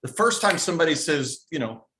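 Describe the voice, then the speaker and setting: A man's voice: fairly high pitch, very animated, a little fast, bright, forceful tone, a little hiss or hum. Earnest man telling a sales story. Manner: earnest, searching for words. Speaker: caller in a Q&A session. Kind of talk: casual storytelling.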